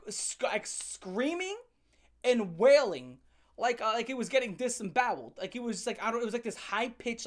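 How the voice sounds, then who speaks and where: A woman with a fairly high voice rants through a comic story, sarcastic and full of swearing. She tells it in an animated, mocking way, like a host talking straight to her viewers. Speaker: channel host. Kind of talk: comedic storytelling rant.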